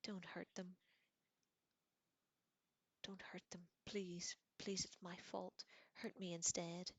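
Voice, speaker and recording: An old wizard headmaster pleads in slow, broken whispers, as a woman puts him on in whispered role-play. The voice sits low, and the recording is dry and close. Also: flat delivery, no room sound, lo-fi sound. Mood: anguished pleading.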